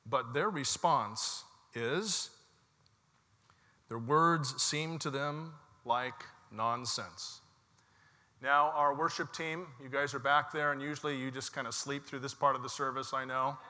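A pastor delivers a sermon in a church, his voice bright and ringing with a long reverb tail. He takes his time, telling the story deliberately and coaching the congregation to call words back to him. The sound carries a clear, forward edge. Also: medium pitch. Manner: slow, measured storytelling with call-and-response prompts. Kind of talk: Easter sermon with congregation participation. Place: church sanctuary.

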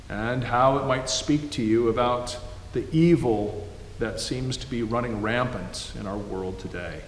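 Man preaching in an echoey hall. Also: medium pitch. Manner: measured, storytelling. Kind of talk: sermon. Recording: echoey hall, faint background noise.

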